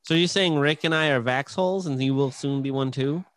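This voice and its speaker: A man's voice: fairly quick, a bit bright, dry recording. A man co-hosting a comedy podcast, rambling and laughing as he talks. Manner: rambling, laughing, jumps high in pitch. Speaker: podcast co-host. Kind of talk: casual comedic podcast banter.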